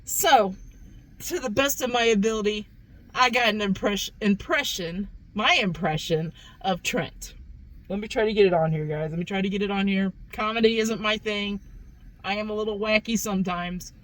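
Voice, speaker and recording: A woman's voice: mid-range voice, moderate pace, rough recording. A woman hosting a casual food review vlog, chatty, repeating herself and calling her viewers "guys". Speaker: food review channel host.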